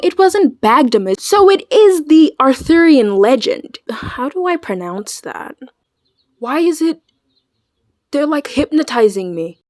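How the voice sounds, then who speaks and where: A woman chatting casually in a reaction video, animated and slangy, swearing freely. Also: sits high, unhurried, no echo, studio quality. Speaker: video creator.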